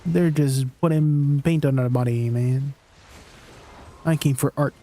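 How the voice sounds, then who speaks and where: A man's voice: mid-range voice, measured pace, mellow, a little hiss or hum. A man livestreaming a game, chatting casually in a rambling way with lots of fillers and laughing at himself. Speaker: streamer.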